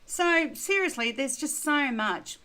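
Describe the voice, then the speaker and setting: Older woman, crypto livestream host, casual, blunt, chatty, a touch weary, voice a little high. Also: lively intonation, takes it slowly, bright, forceful tone, rough recording. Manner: chatty and blunt, full of "you know" and "right?". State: tired and thirsty, drinking beer. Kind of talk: casual livestream chat reading viewer questions.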